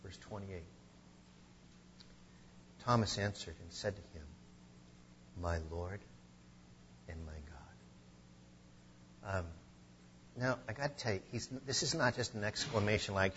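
A man preaching a sermon, earnest, with slow emphatic stresses. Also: lowish voice, dull audio. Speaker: pastor.

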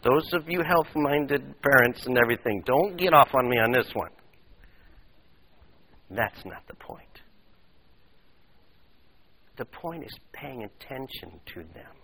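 A man preaching a sermon to his congregation, telling stories with animated voices and speaking directly to the listeners. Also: medium pitch, measured pace, pauses often, a little hiss or hum, rough recording. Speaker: pastor.

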